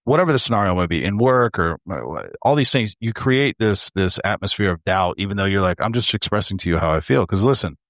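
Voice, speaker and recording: Speaking quickly and expressively with hardly any pauses, a man with a lowish, slightly bright voice co-hosts a podcast. The casual chat is earnest and reflective, he calls his listeners "bro," and the studio-quality audio has no echo.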